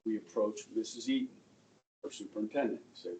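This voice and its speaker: A middle-aged male high school history teacher telling a story to his class, checking in with "okay?" and acting out the people in it. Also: a little fast, mellow. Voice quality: conversational, acts out quoted voices, asks "okay?" often. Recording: distant mic in a classroom, faint room noise.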